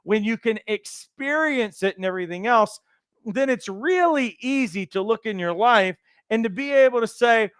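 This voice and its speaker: A male coach trainer delivers a motivational lesson in a higher-than-usual, smooth and resonant voice. He speaks earnestly, stacking repeated phrases for emphasis. The sound is dry and close, with no room echo. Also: expressive, normal speed, fairly bright tone. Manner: acts out quoted voices, occasional restarts. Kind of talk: motivational teaching talk.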